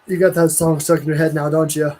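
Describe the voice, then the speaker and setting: A man's voice: fairly high pitch, little pitch movement, quick pace, mellow, poor audio. A man hosting a casual live chat, hesitant and repeating words as he asks things. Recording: faint background noise.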